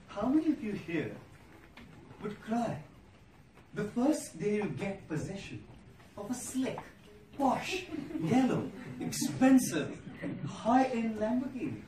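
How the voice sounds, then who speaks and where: A man's voice: high-pitched, very animated, dark tone. Man, monk, inspirational speech, storytelling, echoey hall, noisy, distant mic. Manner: storytelling, rhetorical, lists words with pauses. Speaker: monk giving a motivational talk. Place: large hall before an audience.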